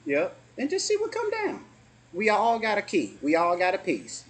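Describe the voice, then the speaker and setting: Halting man around forty, casual chat. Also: high-pitched, huge pitch swings, slightly rough. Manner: halting, with many restarts and soft acted-out quotes.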